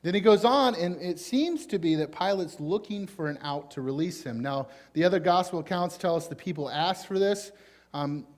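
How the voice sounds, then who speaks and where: A man with a high-pitched voice preaches in a Southern US accent. He speaks in a folksy, informal way, full of fillers like "you know" and "kinda". He leans on certain words with sudden emphasis. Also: lively intonation, moderate pace, darkish tone. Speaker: pastor. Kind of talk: conversational sermon.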